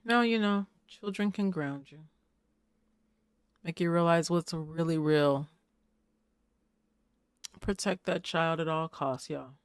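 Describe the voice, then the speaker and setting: A woman's voice: deep voice, slow, long pauses, clear, resonant tone, dry recording. Chatty woman host, dry close sound. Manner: chatty and playful, laughs often, breaks into little voices. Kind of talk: casual recap commentary.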